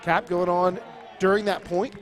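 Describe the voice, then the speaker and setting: A man's voice: high voice, level tone, a little slow, some chatter behind. A man giving sports color commentary, breaking plays down step by step in a wordy way with frequent restarts.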